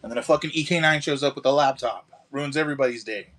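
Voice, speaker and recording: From a car shop garage, a man runs a relaxed live stream where he sells model kits and chats with viewers. His voice is medium-pitched and quick. He's laid-back and talkative, swears now and then, and calls his viewers dude and bro.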